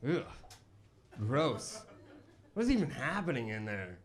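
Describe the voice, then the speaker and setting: Rambling self-deprecating young comedian, lively pitch. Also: male voice, slow pace. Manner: self-deprecating, rambling with many restarts and fillers. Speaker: stand-up comedian. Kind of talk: stand-up set. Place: basement comedy club stage. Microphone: handheld stage microphone. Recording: live club with crowd laughter. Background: audience laughing.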